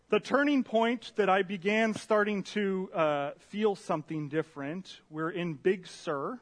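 A man preaching a sermon in a church room, telling a story in an animated, self-deprecating way. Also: high voice, unhurried, hardly any pauses. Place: church meeting room with a slide screen.

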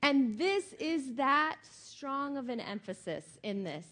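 A woman's voice: high voice, very animated, slow, few pauses, a bit bright. A middle-aged woman pastor giving a sermon in a conversational, emphatic way with many fillers.

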